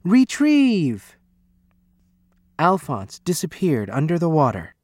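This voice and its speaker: Guy reading a kids' storybook, slow and expressive, fairly high voice, dead dry sound. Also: no echo. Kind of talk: children's storybook read-aloud.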